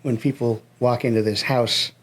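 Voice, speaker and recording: A man's voice: medium pitch, fairly even intonation, normal speed, a little hiss or hum. A man in his thirties from western Massachusetts with a New England accent, a musician guest telling a story in casual chat, laid-back and swearing freely.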